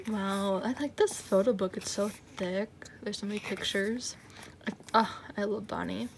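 A young woman in a casual unboxing chat, excited and gushing, often dropping to a whisper. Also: medium pitch, unhurried, background noise. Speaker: unboxing vlogger. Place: room at night, indoors.

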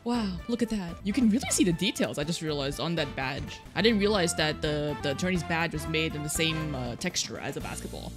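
A chatty young woman giving casual let's-play commentary, her voice lively and full of ups and downs. Faint game music plays beneath her. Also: sits low, brisk, few pauses. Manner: chatty, giggly.

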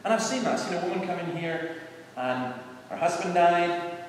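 Inside a large church, a middle-aged preacher and evangelist tells a visiting tour group earnest stories in a conversational way. His voice sits high and moves at normal speed, captured from a distance in an echoey hall with slight background noise.

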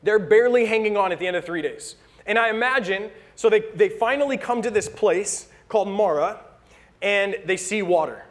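A man's voice: high-pitched, normal speed. A young American man preaching a sermon in a casual storytelling way, acting out the people he quotes. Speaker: pastor.

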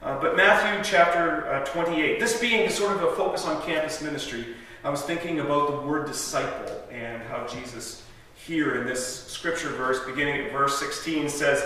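The guest preacher's voice is on the high side, bright and forceful, moving at a moderate pace through a storytelling sermon in a church sanctuary. He talks chattily, interrupts himself, and chuckles at his own jokes, heard through a distant mic in an echoing hall.

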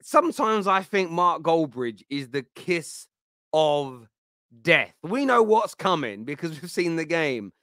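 A man's voice: a little high, big pitch swings, slow pace, pushed and bright, no echo, studio quality. A man hosting a football reaction show, mocking the clips and laughing often. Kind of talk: casual reaction chat.

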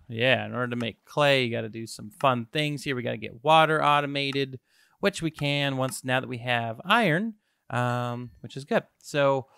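A young man giving excitable, self-mocking let's-play commentary to his viewers as a gaming YouTuber. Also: medium pitch, moderate pace, vocal fry, clear, resonant tone.

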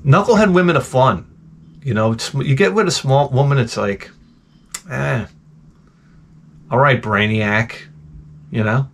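A middle-aged man rambles through a comedic rant, blunt and foul-mouthed, cracking wise as he goes. His voice sits at an everyday middle pitch. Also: measured pace, vocal fry, long pauses, a bit bright, slight background noise. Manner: profane, blunt, wisecracking. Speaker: retro game channel host.

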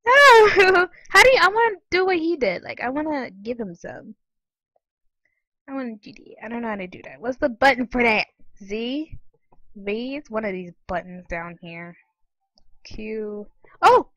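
A woman giving casual, excitable commentary while playing online games, often giggling and squealing. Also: a little high, normal speed, long pauses, no room sound, low-quality recording. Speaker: gaming channel host.

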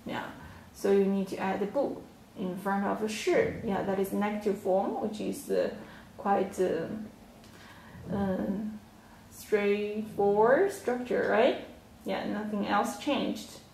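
Patient Chinese-accented woman teacher, very slow delivery, echoey room. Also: mid-range voice, gravelly, darkish tone, slight background noise. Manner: slow, patient, repeats words and tones aloud. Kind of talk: whiteboard language lesson.

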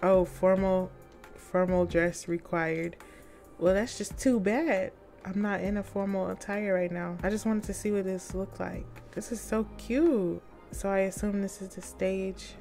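A young woman giving casual, excitable commentary while exploring a game, chatting to her viewers in slangy, upbeat talk. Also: mid-range voice, a little slow, soft background music. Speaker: gaming YouTuber.

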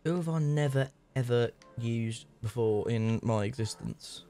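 A man's voice: mid-range voice, measured pace, warm tone. A young man playing a video game with a friend, joking and teasing in a laid-back way. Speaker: guest gamer. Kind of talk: casual gameplay banter.

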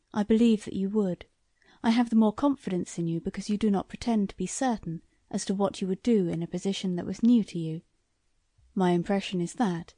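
A woman voicing a soft, lowered, shrewd old lord. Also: no room sound, studio quality, close to an everyday voice. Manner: courteous, probing, soft-spoken. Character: shrewd eager older lord, small man.

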